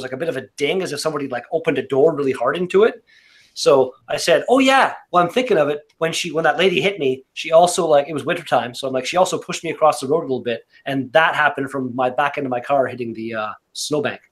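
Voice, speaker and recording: A man with a Canadian accent telling a relaxed, rambling, profane story among friends. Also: a little high. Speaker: beer review podcast regular.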